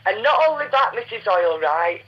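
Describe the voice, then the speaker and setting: A woman's voice: mid-range voice, expressive, normal speed, husky. A woman, agitated and insistent, stammering as she argues on a recorded phone call. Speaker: caller disputing council tax.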